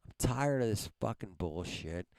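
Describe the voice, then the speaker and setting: Male livestream host, heated profane rant, smooth clear voice, dry close sound. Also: lowish voice, lively intonation, moderate pace, a little mellow, no room sound. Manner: heated, heavily profane, repeats "man". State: angry. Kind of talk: angry livestream rant at viewers.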